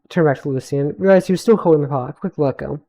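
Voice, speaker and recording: A man's voice: on the high side, quick pace, creaky, warm tone. Stumbling young man reading his own story. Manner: stumbling, self-correcting reading with asides. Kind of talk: live read-through of a fantasy story. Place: home streaming setup.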